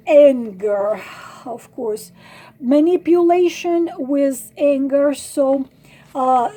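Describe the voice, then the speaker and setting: Slow high-voiced woman giving earnest advice. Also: mellow. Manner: pleading, repeats herself, many ums and restarts. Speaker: tarot channel host giving advice.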